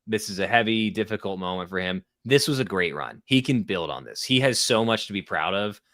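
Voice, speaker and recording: A man with a fairly low voice co-hosts a live tennis watchalong, chatty and full of strong opinions. His recording is dry and close, with no room echo. He breaks into laughter often. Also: lively intonation, fairly quick, fairly bright tone. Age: young adult or middle-aged parent of an infant. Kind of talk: casual live sports commentary.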